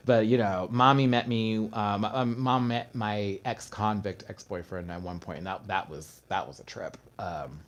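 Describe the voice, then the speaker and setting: A man's voice: lowish voice, slow pace, highs cut off. A man hosts a casual livestream and talks straight to his viewers. He tells stories with energy and acts out the words of the people in them. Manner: animated storytelling, acting out his mother's words. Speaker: host.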